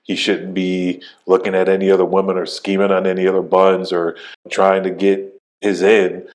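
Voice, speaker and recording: Deep-voiced laid-back man. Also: completely flat delivery, normal speed. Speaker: podcast co-host. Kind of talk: casual chat.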